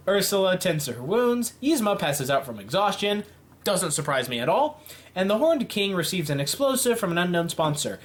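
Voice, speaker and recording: Animated man reacting to a game. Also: high-pitched, normal speed. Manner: animated, playful running reactions. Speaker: YouTube game commentator. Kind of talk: reading out and reacting to a simulation game.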